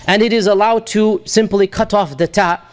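A man's voice: high voice, steady tone, moderate pace, clean tone. A man teaching a lesson on scripture, explaining terms patiently step by step with small hesitations. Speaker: Quran teacher.

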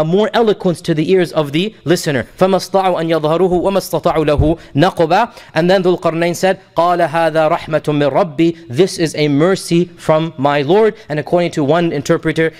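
A man teaching a lesson on scripture, explaining terms patiently step by step with small hesitations. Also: sits high. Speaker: Quran teacher.

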